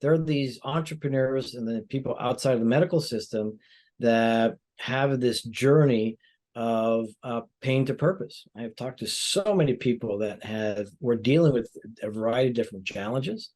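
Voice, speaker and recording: A male plastic surgeon, appearing as a guest, answers interview questions in a calm, measured, explanatory way. His pitch is average, and he leans heavily on filler phrases, especially "you know."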